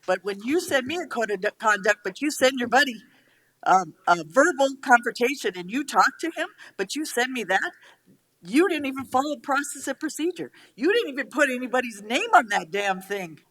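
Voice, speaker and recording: A middle-aged woman, a county commissioner, giving a heated, blunt speech at a public meeting. She is angry and emotional, swears, and pushes back quickly. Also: fairly high pitch, expressive, a bit bright.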